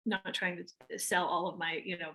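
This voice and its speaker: A woman's voice: on the low side, fairly even intonation, moderate pace, pushed and bright. A woman with a Southern American accent, an actress answering interview questions in a chatty way with many restarts and fillers. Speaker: actress guest.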